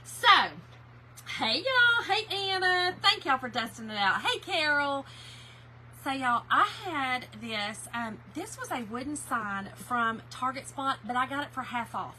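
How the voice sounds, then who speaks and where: A woman's voice: sits high, animated, a little slow, sharp tone, slight background noise. A woman hosting a casual craft livestream, chatting and greeting viewers by name.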